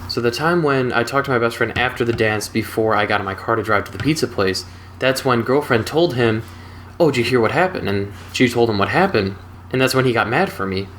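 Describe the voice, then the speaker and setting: A man's voice: medium pitch, a little hiss or hum. Chatty young man telling a story. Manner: relaxed, chatty, wry. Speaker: storytelling channel host. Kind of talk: casual storytelling.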